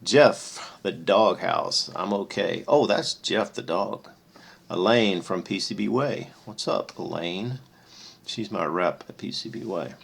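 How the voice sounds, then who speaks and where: A man hosting his electronics channel, casually reading out visitor messages and reacting with amused, brief remarks in a husky voice. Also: slow pace. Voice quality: gravelly, husky low voice. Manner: relaxed, amused, reads names aloud and reacts briefly.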